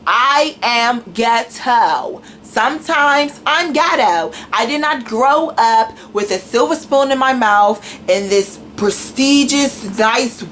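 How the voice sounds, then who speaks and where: A woman's voice: a little high, a bit bright, a little hiss or hum, low-quality recording. A young woman from Washington, D.C., with a D.C. accent, ranting bluntly and with plenty of profanity to her camera. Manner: blunt and profane, with a slangy mixed urban delivery. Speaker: YouTuber. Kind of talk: casual rant to camera.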